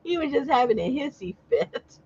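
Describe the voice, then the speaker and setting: Over dull, lo-fi audio, a woman chats casually on a livestream, telling stories and laughing often. She's from Southern California, with a high-pitched, sing-song voice that is dark in tone, slightly rough, and at normal speed.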